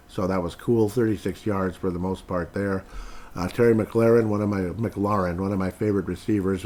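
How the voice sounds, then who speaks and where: A man with a somewhat low voice rambles through casual sports talk as a podcast host. He swings from muttered, grumbling asides to sudden animated bursts. His delivery is loose and conversational, full of restarts and filler.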